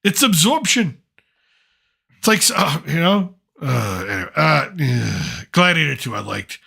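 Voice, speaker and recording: A man's voice: medium pitch, big pitch swings, moderate pace, creaky, bright, forceful tone, breathy edge. A middle-aged man hosting a casual chat, rambling and opinionated with plenty of fillers. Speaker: podcast host, father.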